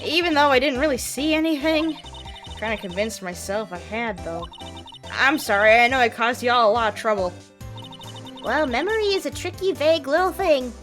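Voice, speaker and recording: A woman's voice: sits high, lively intonation, moderate pace, a bit bright, faint music behind. A woman doing a drawling southern gal photographer. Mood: apologetic. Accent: put-on Southern US. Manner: drawling, folksy, wheeling-dealing. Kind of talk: reading a game's dialogue aloud.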